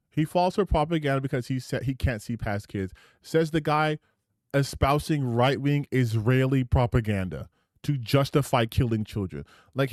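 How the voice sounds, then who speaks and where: A male streamer reacts to clips in a sarcastic, indignant voice, swearing freely. His voice sits at a middle pitch. It comes through close and dry, with no room sound. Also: darkish tone, no room sound. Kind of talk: profane reaction commentary.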